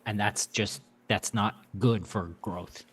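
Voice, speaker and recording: A man's voice: fairly low pitch, steady tone, takes it slowly, a bit bright, slightly rough. A man in his thirties co-hosting a casual comics podcast with dry wisecracks. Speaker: podcast co-host. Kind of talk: casual chat.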